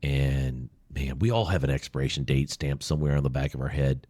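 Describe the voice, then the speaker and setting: Male guest, deep voice, warm-hearted emotional storyteller, dry room sound. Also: fairly quick, no echo. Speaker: podcast guest, veteran advocate. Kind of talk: conversational storytelling interview. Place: small room.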